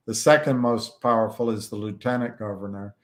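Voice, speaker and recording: A man from the United States, hosting a livestream and talking casually in a slow, rambling way, with many fillers and restarts. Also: fairly low pitch, steady tone. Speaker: livestream host.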